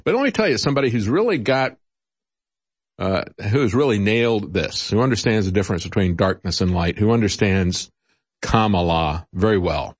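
Sarcastic male commentary host, lively pitch. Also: fairly quick, breathy edge. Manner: sarcastic, mocking, with frequent chuckles and filler "uh". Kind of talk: opinionated radio-style commentary.

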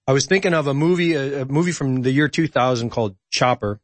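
Animated man with a dry, close sound. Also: medium pitch, quick pace, dry recording. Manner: animated storyteller, hesitant fillers. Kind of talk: casual political chat.

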